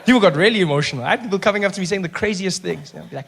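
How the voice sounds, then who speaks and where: A man with a South African accent performing a stand-up routine in animated storytelling, swinging between quiet asides and loud punchlines. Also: sits high, very fast, husky, some chatter behind. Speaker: stand-up comedian. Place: stage.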